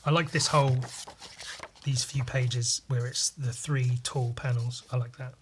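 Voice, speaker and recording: A man's voice: medium pitch, fairly even intonation, a little slow, background noise. A man hosting a casual solo podcast, rambling, swearing freely and poking fun at himself. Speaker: podcast host.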